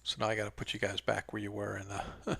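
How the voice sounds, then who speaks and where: A man's voice: lowish voice, monotone, fast talker, vocal fry, fairly bright tone, slightly rough, dry recording. A man acting as game master, chatting loosely and trailing off mid-sentence while he sets up maps for an online game. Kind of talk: casual pre-game chat.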